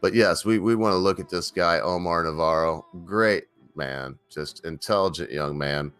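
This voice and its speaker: A man's voice: low-pitched, normal speed, fairly bright tone, clear, resonant tone, soft background music. A man hosting his own channel, giving a casual, rambling opinion rant with emphatic bursts and many fillers and restarts. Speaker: channel host.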